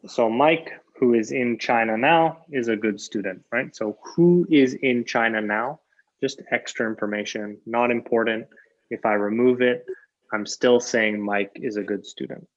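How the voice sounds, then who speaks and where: A man's voice: mid-range voice, unhurried. A man teaching an English grammar lesson online. He explains with examples, repeats key phrases and keeps checking with "right?". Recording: lo-fi dull sound.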